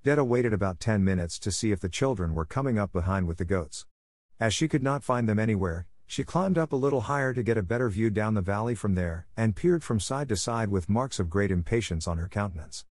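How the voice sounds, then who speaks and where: Male audiobook narrator, low register, dry close sound, steady measured storybook reading. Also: dry recording.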